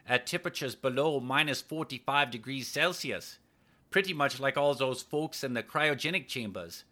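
A man doing a calm, lecturing young science officer. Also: mid-range voice, voice pushed up, lightly acted.

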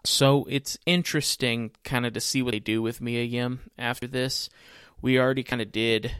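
A man's voice: medium pitch, fairly even intonation, moderate pace, a bit bright, smooth, dry recording, clean studio sound. A man giving casual live commentary on a wrestling show in a chatty way, often speaking straight to his viewers. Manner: chatty, addresses viewers directly. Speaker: wrestling watch-along commentator.

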